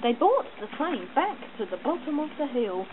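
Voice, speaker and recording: High-voiced woman reading a storybook aloud. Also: normal speed. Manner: animated, with sound effects. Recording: tinny phone-like line, loud noise.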